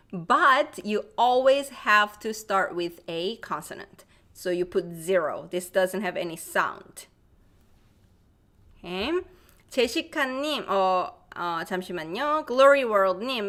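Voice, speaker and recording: A woman with a Korean accent leads a live online language lesson at a mid-range pitch. She reads out viewer comments, answers them, and repeats each vowel sound several times for her students. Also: bright, forceful tone.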